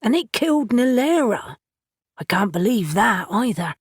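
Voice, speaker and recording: A woman's voice: a little high, big pitch swings, measured pace, breathy edge, dry recording, studio quality, pitched above the performer's own voice, heavily acted. A woman narrator voicing a practical, sceptical man who reasons things out wryly. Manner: reasoning, wry.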